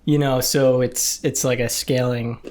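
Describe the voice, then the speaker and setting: A young man, co-hosting a casual podcast chat, chatty and quick to laugh. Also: mid-range voice, flat delivery, a little mellow, slight background noise. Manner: chatty, giggly, talks with mouth full. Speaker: podcast co-host.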